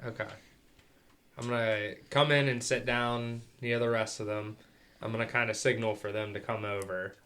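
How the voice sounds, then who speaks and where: A man playing a tabletop game, slow and deliberate. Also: lowish voice, little pitch movement, fairly bright tone, clean tone. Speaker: player.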